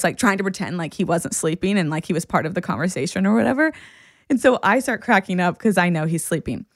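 A woman hosting a podcast, telling a personal story in a casual, animated way and laughing often as she goes. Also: medium pitch, dry recording, studio quality. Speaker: podcast host and therapist.

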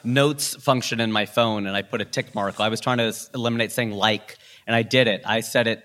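A man who is a stand-up comedian talking as a guest in a casual interview, animated and playing with his pitch and loudness. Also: a little fast.

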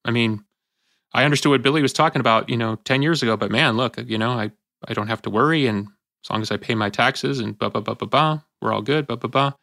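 A man hosting a casual podcast debate, animated and acting out little voices as he tells a story. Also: mid-range voice, quick pace, gravelly, dry recording, clean studio sound. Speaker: podcast host.

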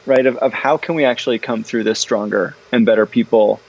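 A man guesting in a casual interview conversation, talking about his books in an animated, chatty way, full of fillers and restarts. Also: medium pitch, brisk, slightly rough, dull audio. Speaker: guest, parenting author.

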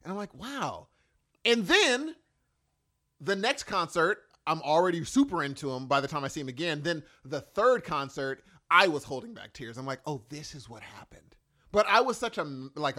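A man in his forties chatting casually, with a slightly higher, bright voice. His pitch moves around a great deal as he acts out what people said. He tells stories in an animated, emotional way. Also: normal speed. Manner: animated, emotional storyteller with acted-out quotes. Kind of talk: casual chat.

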